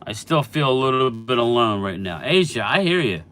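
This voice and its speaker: Middle-aged guy on a sports live stream, bright forceful voice, chatty, kinda stuffy from allergies. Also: medium pitch, very animated, brisk. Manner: chatty, reads out viewer names and replies. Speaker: sports channel host answering live chat. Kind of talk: casual live-stream chat.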